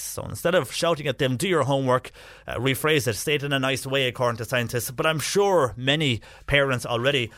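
Middle-aged Irish man, radio host, steady chatty delivery, close dry studio mic. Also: mid-range voice, no echo. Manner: steady, conversational, frequent "uh" fillers. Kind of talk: radio news and talk presenting. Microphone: studio microphone.

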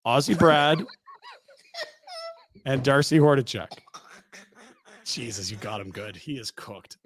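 A man's voice: medium pitch, expressive, slow, a little hiss or hum. A man co-hosting a sports podcast, chatting casually with wry jokes and recapping the show's bits.

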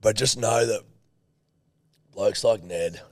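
Gravelly, hungover man. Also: fairly low pitch, slow pace, no room sound. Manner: dry, mocking, swears freely. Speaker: podcast co-host. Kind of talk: casual banter.

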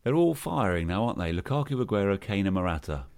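A man hosting a football podcast, brisk and joking as he steers the chat. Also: on the low side, sing-song, gravelly, darkish tone, no echo. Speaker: podcast host. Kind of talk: casual chat.

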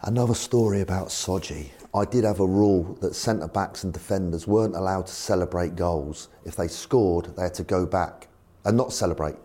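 A man's voice: low-pitched, normal speed. A man, a former football manager, telling anecdotes in an interview, acting out the voices of the people in them. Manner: animated storyteller acting out voices.

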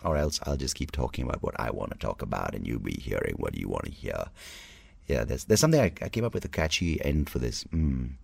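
Young comedian host; deep, fry-heavy voice; loose, swearing solo podcast musings, dry close mic. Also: male voice, sing-song, brisk, no room sound. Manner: candid, rambling, swears freely.

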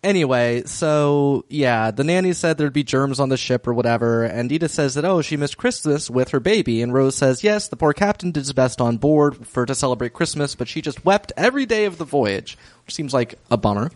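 Male podcast co-host, animated pitch, dry close sound, wry recap delivery. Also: brisk, dry recording. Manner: wry, laughs often, summarizes plot. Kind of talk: casual recap chat.

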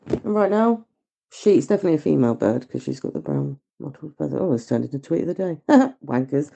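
A woman's voice: low-pitched, sing-song, a little fast, creaky, dark tone, slightly rough, dull audio. A woman leaving a rambling, sweary, emotional voice message from her garden, outdoors. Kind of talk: heartfelt voice-note monologue.

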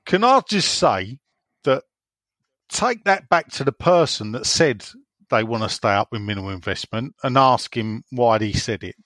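Man, podcast host, rambling and opinionated, swinging pitch, dry close sound. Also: lively intonation, moderate pace, fairly bright tone, no echo. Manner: chatty, rambling, opinionated asides. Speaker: podcast host reading listener messages. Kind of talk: casual football podcast chat.

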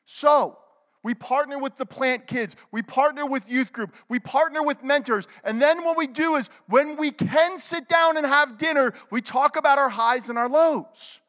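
High-voiced pastor preaching in a reverberant hall. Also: male voice, normal speed. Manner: swings from loud exhortation to hushed whisper; calls for amens from the congregation. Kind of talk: sermon.

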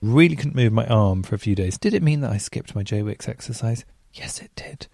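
A man's voice: on the low side, animated, a little fast, vocal fry, a little mellow, no echo, studio quality. A man hosting a podcast, telling casual stories with rambling, self-mocking asides and rhetorical questions. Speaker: podcast host. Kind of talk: casual chatty storytelling.

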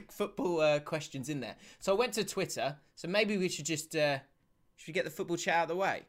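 A man's voice: on the high side, lively intonation, fairly quick, fairly bright tone. A man co-hosting a casual football podcast, ranting and swearing with bursts of laughter. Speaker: podcast co-host.

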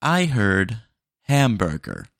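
A man's voice: fairly low pitch, huge pitch swings, creaky, no room sound, studio quality, exaggerated voice. A man voicing a stiff, overly formal AI drive-thru ordering assistant in a comedy bit on a podcast. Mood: flat robotic. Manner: slow, overly formal, announcing.

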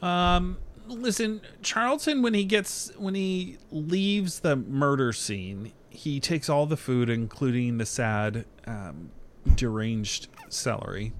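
Animated man retelling a movie. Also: mid-range voice, takes it slowly, a little hiss or hum. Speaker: podcast co-host. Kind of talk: casual movie chat.

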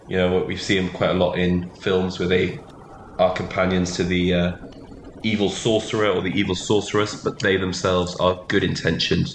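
A low, gravelly man rambling through comic podcast banter, chuckling as he goes. His voice carries an echo, and there is steady noise behind him. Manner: laughs often, rambling. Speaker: podcast co-host. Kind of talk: casual comedic banter. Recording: echoey room with background noise.

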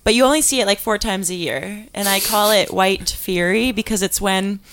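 A woman's voice: medium pitch, moderate pace, a bit bright, a little hiss or hum. Laughing young woman podcast co-host. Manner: laughing storyteller. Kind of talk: casual chat.

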